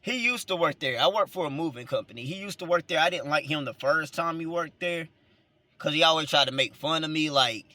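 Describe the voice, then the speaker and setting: A man's voice: fairly high pitch, fairly quick, bright, forceful tone, no room sound. A man with a Southern accent, talking casually from inside a car, rambling and repeating words as he tells a story. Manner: rambling, repeats words, chuckles between points. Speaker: vlogger and minister.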